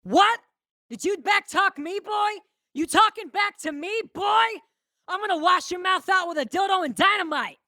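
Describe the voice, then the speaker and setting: A woman's voice: on the high side, lively intonation, moderate pace, fairly bright tone, dry recording, clean studio sound. A woman voicing a crude, dim-witted, vengeful grown son in an audiobook, taunting and mocking in a mean voice. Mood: furious shouting. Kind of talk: audiobook character voice.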